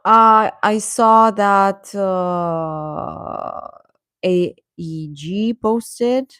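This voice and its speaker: Young woman hosting a fan livestream, slow-talking, laughs a lot, dry close mic. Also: medium pitch, a bit bright, dry recording. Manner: chatty, laughing often, exasperated rants. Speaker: livestream host reading chat. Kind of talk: casual chat.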